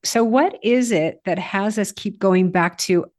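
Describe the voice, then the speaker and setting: A woman's voice: mid-range voice, sing-song, normal speed, hardly any pauses, darkish tone. A woman hosting a podcast, asking probing, encouraging questions of her guest. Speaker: podcast host. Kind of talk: interviewing.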